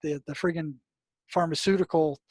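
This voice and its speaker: A man's voice: on the high side, normal speed, no room sound. Older man telling a story animatedly. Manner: animated, many restarts, exclaims when recounting. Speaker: guest, retired mental health practitioner. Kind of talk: storytelling interview talk.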